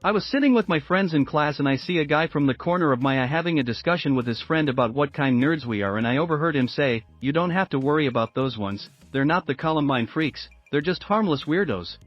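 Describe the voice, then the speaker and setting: Male narrator, slightly higher voice, dry and dull lo-fi sound, steady read of story posts. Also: a little fast, few pauses, dry recording. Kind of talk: scripted narration of reader posts. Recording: dull lo-fi sound with faint music.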